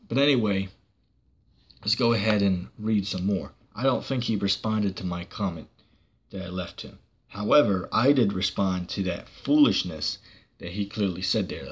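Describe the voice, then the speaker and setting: Husky, heated man ranting. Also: sits low. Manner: combative, profane, mocking. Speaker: church channel preacher.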